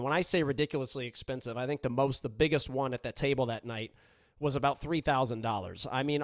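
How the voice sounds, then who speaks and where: A man's voice: mid-range voice, no echo. Conversational male podcast host, dry sound. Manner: relaxed, conversational, frequent restarts and "you know". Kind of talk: storytelling in casual chat.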